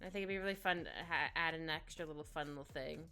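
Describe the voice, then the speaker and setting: This woman talks fast in a low-sitting voice. She's a digital artist streaming her drawing live, chatting casually in a rambling, giggly way full of little asides. Soft music plays in the background.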